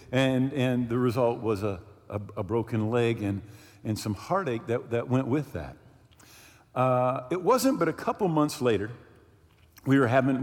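Animated pastor preaching in a reverberant hall. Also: male voice, medium pitch. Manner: storytelling, animated, many restarts and asides to the congregation. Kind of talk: sermon. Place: church sanctuary.

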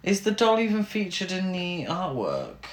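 A man's voice: sits high, huge pitch swings, normal speed. A British man picks apart a film in casual, exasperated chat, swearing as he goes. A roomy echo hangs on his voice. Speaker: podcast co-host.

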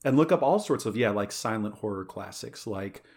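A man's voice: on the low side, animated, moderate pace, darkish tone. A man hosting a podcast, chatting casually in an enthusiastic, rambling way. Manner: enthusiastic, rambling, many fillers and restarts. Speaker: podcast host. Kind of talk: casual chat.

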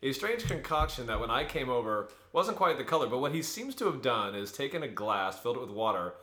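A man teases his co-hosts in quick, energetic bursts, his bright voice swinging in pitch. A roomy echo hangs around him. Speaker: podcast co-host. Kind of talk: casual chat.

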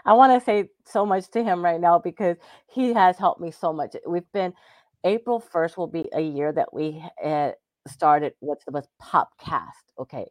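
A woman co-hosting a podcast, chatty and excitable, often breaking into giggles. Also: on the low side, a little slow, no echo, clean studio sound. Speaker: podcast co-host. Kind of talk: casual chat.

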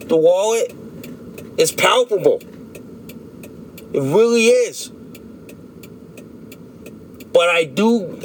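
A man's voice: high-pitched, poor audio. A man ranting angrily to camera, repeating himself and restarting his sentences. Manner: angry, repetitive, halting restarts. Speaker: vlogger. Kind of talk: political rant to camera. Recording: loud traffic noise outdoors.

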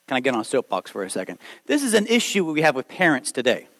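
A man in his late thirties preaching a sermon, lively and conversational, acting out quoted voices as he goes. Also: mid-range voice, fast talker, rough recording. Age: 30s. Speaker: pastor.

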